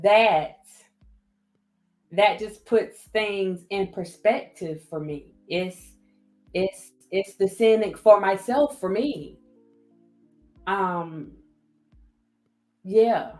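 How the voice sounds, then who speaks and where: A woman's voice: mid-range voice, very slow, pauses often, a little mellow. A woman with a Southern US accent hosting a casual livestream, reading viewer comments and thanking people by name again and again. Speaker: livestream host. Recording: roomy echo with faint music.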